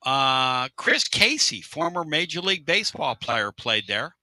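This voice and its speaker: A middle-aged man hosting a casual sports radio show, joking, with loud outbursts and drawn-out catchphrases. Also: on the high side, sing-song, no room sound.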